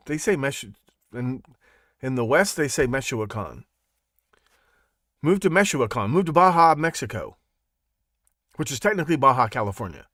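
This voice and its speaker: A man hosting a live podcast, talking in a rambling, animated monologue full of restarts and asides. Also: medium pitch, no echo, studio quality. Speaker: podcast host. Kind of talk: casual monologue on a live show.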